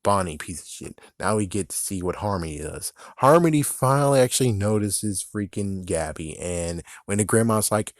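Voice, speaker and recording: A man with a lowish voice gives a casual movie review that keeps turning into an exasperated rant. He swears freely and laughs at his own jokes. The recording is dry and close, with no room sound. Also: animated, normal speed, few pauses, no echo. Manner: profane, exasperated, laughs at himself.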